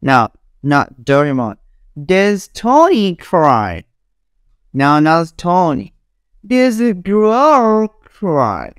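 A woman's voice: on the low side, sing-song, extremely slow, clear, resonant tone, dry recording, clean studio sound. A young woman teacher drilling English words for children, repeating each one and laughing between examples. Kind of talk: classroom drilling lesson.

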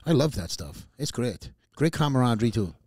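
A man's voice: medium pitch, big pitch swings, a little fast, a little mellow, no room sound, studio quality. A man hosting a podcast interview who asks questions and teases his guest with jokey banter. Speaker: podcast host. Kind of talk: casual interview chat.

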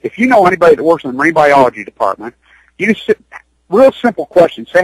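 Male guest, high voice, urgent and rambling, dry radio sound. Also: big pitch swings, quick pace, slightly rough, no echo, poor audio. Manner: urgent, rambling, repeats himself. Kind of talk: impassioned radio interview talk. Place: Utah.

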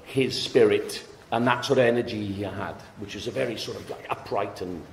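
A man's voice: on the low side, brisk, a little hiss or hum. A man, a guest actor on a convention panel, answering questions hesitantly with many fillers, in a large hall. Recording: echoey hall with faint ambience.

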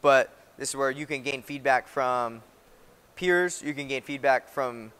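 A male instructor gives a classroom lecture in a mid-pitched voice. He talks in a loose, conversational way and keeps checking in with his listeners. The recording carries a long reverb tail, as if from a large hall. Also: a little slow, fairly bright tone, clean tone. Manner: conversational, often checks in with "right?". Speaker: military instructor.

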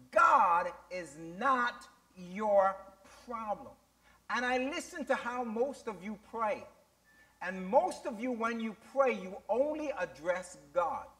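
A man's voice: extremely high pitch, a bit bright. A man pastor preaching a sermon to his church, using call-and-response questions and emphatic rising delivery.

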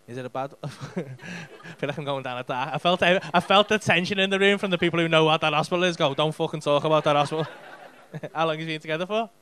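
A man's voice: fairly high pitch, bright, forceful tone, slight background noise. A man in his thirties with a Liverpool accent, doing cheeky, sweary crowd work as a stand-up comedian on a club stage. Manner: cheeky, sweary banter with the audience.

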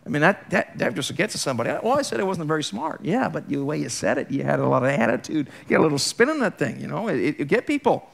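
Bright-voiced man preaching conversationally. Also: fairly high pitch, big pitch swings, fast talker, vocal fry, hardly any pauses. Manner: conversational and emphatic, full of rhetorical questions. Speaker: pastor. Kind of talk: sermon. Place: church.

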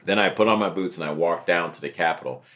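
A young man, an interview guest, telling his story in a casual, animated way and acting out what others said. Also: sits low, fast talker. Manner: animated, acts out quotes of others.

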